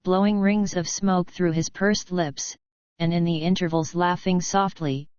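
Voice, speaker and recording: A woman narrating an audiobook in an even, measured reading. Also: on the low side, clear, resonant tone, no echo. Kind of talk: scripted narration. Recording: dry, dull lo-fi recording.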